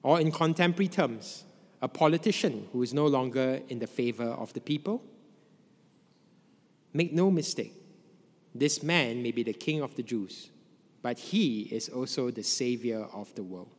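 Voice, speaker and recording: A man preaching a sermon in a measured way, letting his voice drop low at the ends of phrases. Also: expressive. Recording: long hall reverb.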